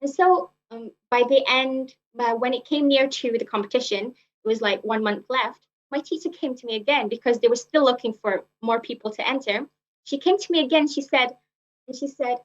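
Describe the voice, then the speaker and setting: A woman's voice: on the high side, moderate pace. A young woman giving a prepared personal speech at a speaking club, earnest, often repeating herself and using fillers. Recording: muffled lo-fi recording.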